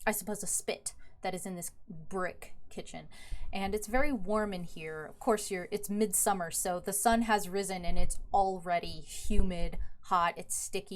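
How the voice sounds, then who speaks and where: Woman dm narrating, descriptive, lots of uhs and likes, mid pitch. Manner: descriptive, searching with fillers. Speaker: game master. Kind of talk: narrating a tabletop game.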